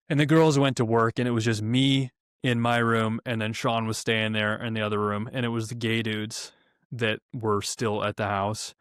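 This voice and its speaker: A young man telling a story on a podcast in a casual, profane, animated way, acting out quotes in raised voices. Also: fairly low pitch, clear, resonant tone, dry recording, clean studio sound. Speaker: podcast co-host.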